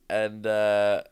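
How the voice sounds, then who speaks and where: A teenage boy, co-hosting a podcast and telling a story in an animated, sweary way, laughing often. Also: fairly low pitch, clean tone. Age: teens. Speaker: podcast co-host. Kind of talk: casual storytelling chat.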